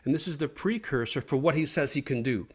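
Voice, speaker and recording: A man's voice: a little high, a little fast, husky. A man giving an informal online sermon, speaking earnestly and putting questions to his listeners. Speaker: preacher.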